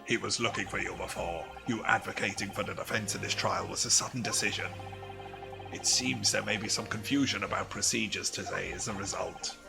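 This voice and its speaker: A man voicing a formal older male professor of forensic medicine, speaking in a measured way over game music. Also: fairly low pitch, steady tone, vocal fry. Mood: grave. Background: video game music.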